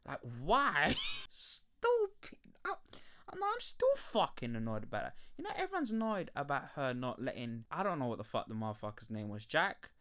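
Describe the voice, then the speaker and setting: A young man hosting a podcast, rambling through a casual review with profane, animated rants and frequent laughter. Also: medium pitch, fairly quick. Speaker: podcast host.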